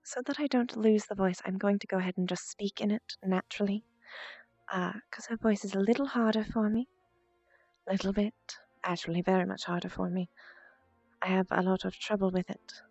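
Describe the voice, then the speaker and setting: A calm, seductive librarian played by a woman in a put-on posh English accent, speaking slowly and smoothly. Her voice carries a faint gravelly edge. The recording is dry and a little dull. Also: medium pitch, no echo, soft background music, natural voice. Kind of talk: in-character VR role-play.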